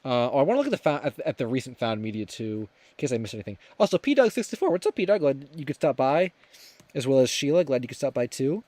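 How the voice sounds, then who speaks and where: A man's voice: mid-range voice, big pitch swings, quick pace, darkish tone, dry recording. A young man hosting a livestream, chatting casually and reading viewer comments aloud, rambling with many fillers and restarts. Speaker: livestream host.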